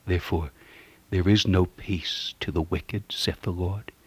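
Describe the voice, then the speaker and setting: Male preacher, low husky voice, dry close sound, fervent sermon with hushed whispers. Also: steady tone, measured pace. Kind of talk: radio sermon.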